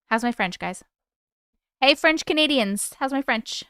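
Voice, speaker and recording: A woman's voice: high voice, animated, a little slow, long pauses, fairly bright tone, clean tone, no echo, studio quality. A woman hosting a live stream, chatting casually and swearing freely before reading viewer stories.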